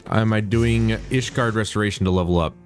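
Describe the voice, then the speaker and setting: A man's voice: fairly low pitch, fairly quick, soft background music. A man casually commenting on his game during a livestream, playful and jokey, muttering to himself as he plays. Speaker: game streamer.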